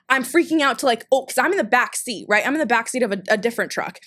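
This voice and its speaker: A young woman from Peru, a podcast guest, telling a story in casual chat, animated and swearing freely as she acts out what she said back then. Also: on the high side, fast. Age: young adult. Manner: animated, swears freely, acts out her own past lines.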